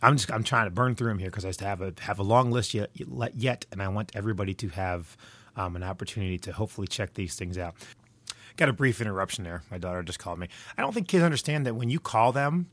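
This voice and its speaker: Low-voiced rambling middle-aged man. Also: lively intonation, quick pace, a bit bright, no echo. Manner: rambling, digressive storyteller. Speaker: movie reviewer. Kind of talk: casual monologue.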